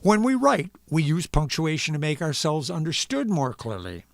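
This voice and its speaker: A man's voice: fairly high pitch, big pitch swings, moderate pace, creaky, no echo. A man hosting a live stream who gives a playful comedic reading and makes sound effects for punctuation marks.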